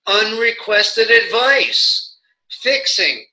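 This guest, an educator in nonviolent communication, discusses communication ideas in a conversational interview, stopping and restarting often and acting out quoted examples. His voice is on the high side, pushed and bright, and the audio is poor.

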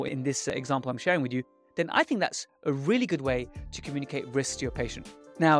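Earnest man hosting a dental podcast. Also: fairly high pitch. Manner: earnest, reflective, explanatory. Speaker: dentist and podcast host. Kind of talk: podcast intro and monologue.

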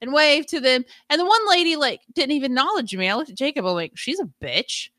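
A woman's voice: high-pitched, sing-song, quick pace, bright, forceful tone, no room sound, clean studio sound. A woman co-hosting a live stream in casual chat, blunt and brash, swearing freely and mimicking people. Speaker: streamer co-host.

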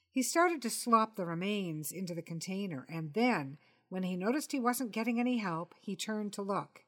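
A woman podcast host reading a comic crime story aloud in a measured, wry way. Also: medium pitch, lively intonation. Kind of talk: storybook narration.

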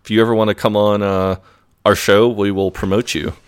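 A man with a fairly low, flat-sounding voice talks a little fast, and his tone is clean. He's co-hosting a podcast and casually recapping a TV episode, rambling through it with lots of "like" and "uh."

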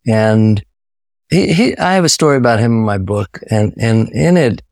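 A man's voice: on the low side, lively intonation, normal speed, a little mellow, no room sound, clean studio sound. A man from New York, speaking as an author and guest in a casual interview, reflective, with frequent restarts. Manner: reflective, many restarts and repetitions.

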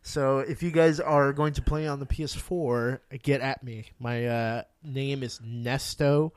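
A man's voice: medium pitch, fairly even intonation, measured pace, no room sound, studio quality. A man co-hosting a casual podcast, rambling and laughing as he tells stories and acts out little voices. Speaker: podcast co-host.

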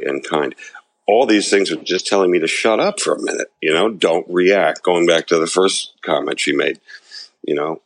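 A man with a very low, gravelly voice talks through a recovery podcast in relaxed, reflective chat. He pokes fun at himself and reads passages aloud from a book. The sound is dry and close, with no room around it. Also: dry recording. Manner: reflective, self-deprecating, reads quotes aloud. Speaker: podcast co-host.

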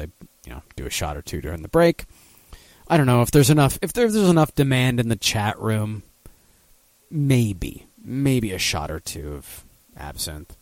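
In a dry recording, a man with a low, darkish voice hosts a laid-back talk show. He swears without restraint, wanders from topic to topic, and chuckles at his own jokes in talk-radio style.

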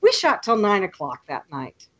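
Woman telling lively travel stories. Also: medium pitch, normal speed, highs cut off. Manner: lively storyteller, acts out quotes. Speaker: podcast guest, photography tour leader. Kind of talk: casual podcast chat.

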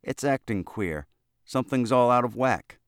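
A man voicing a plucky young elevator boy who tricks a lobbyist, raising his voice high for the boy's lines. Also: normal speed, no echo, studio quality, natural voice. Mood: calm, sly. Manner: high, excited, panicky cries.

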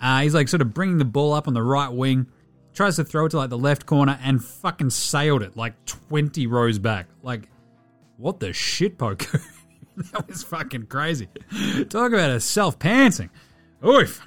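A man's voice: medium pitch, expressive, normal speed, a bit bright, soft background music. Sweary Australian man hosting a sports podcast. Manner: sweary, jokey, rambling banter. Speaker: podcast host. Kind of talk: casual sports podcast commentary.

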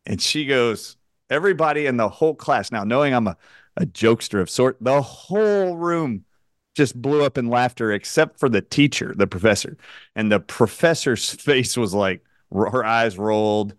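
A male radio host telling an animated anecdote, acting out the voices of the people in it, with a joking, outspoken manner. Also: medium pitch, moderate pace, no echo, studio quality. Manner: animated anecdote-teller who acts out quotes. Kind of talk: storytelling on a radio talk show.

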